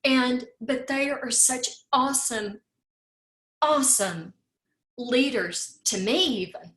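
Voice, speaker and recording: A woman's voice: sits high, takes it slowly, fairly bright tone, echoey room. A woman giving a heartfelt, tearful farewell speech as host of an online talk, repeating her words and saying y'all.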